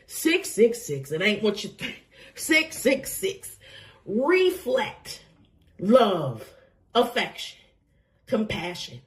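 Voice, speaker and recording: A woman getting over a cold, giving an emotional, effusive tarot reading to camera and laughing often. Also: mid-range voice. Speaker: tarot reader.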